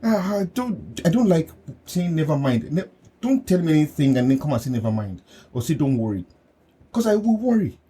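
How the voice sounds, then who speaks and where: A man hosting a podcast, telling personal stories in an animated way, laughing often and acting out what people said to him. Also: fairly high pitch, a little fast, slightly rough. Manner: animated storyteller, laughs often, acts out quotes. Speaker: podcast host and coach. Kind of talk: casual conversational chat.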